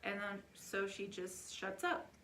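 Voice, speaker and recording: Casual storytime vlogger, young woman, chatty, rambling with fillers, mid-pitched voice. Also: slow, a little hiss or hum. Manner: chatty, animated, heavy with filler words.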